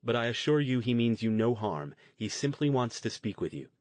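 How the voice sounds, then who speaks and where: A man voicing a composed henchman who speaks in a calm, polite, unruffled way. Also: medium pitch, moderate pace, dry recording, close to an everyday voice. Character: smooth composed male henchman in a suit.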